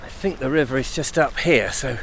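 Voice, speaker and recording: A man's voice: medium pitch, fairly quick, creaky. A middle-aged man from England, chatting casually to camera in a rambling, friendly way, recorded outdoors by his van with wind buffeting the microphone. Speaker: vlogger. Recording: outdoor wind noise on mic.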